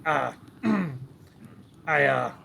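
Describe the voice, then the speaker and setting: A man voicing a wary tavern barkeep in a tabletop role-play, clearing his throat and answering evasively. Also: mid-range voice, animated, extremely slow, sharp tone, slight background noise, exaggerated voice. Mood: reluctant.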